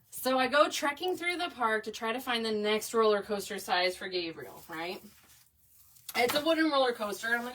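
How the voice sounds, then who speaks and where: A woman's voice: fairly high pitch, lively intonation, normal speed, fairly bright tone. Chatty woman crafting. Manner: chatty, addresses viewers as y'all, frequent "okay?". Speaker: craft video host. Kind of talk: chatty storytelling while crafting. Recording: voice a bit far from the mic.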